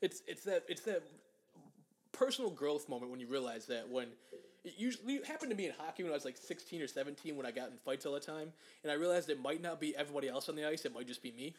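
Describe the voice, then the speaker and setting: A young man with a high-pitched voice rants about sports in a casual chat. He is angry and profane, and he mocks people in put-on voices. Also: expressive, quick pace. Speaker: podcast co-host.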